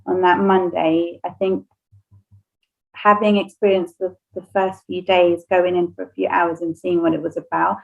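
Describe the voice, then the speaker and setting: A woman's voice: lowish voice, vocal fry, phone-quality sound. A woman, a nursery owner whose first language is Spanish, casually telling an emotional personal story on a podcast and laughing often.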